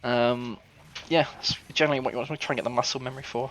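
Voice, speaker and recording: A man's voice: medium pitch, steady tone, fast talker, a bit bright, lo-fi sound. A man coaching and commentating a strategy game in a casual, joking way, explaining tactics as he talks.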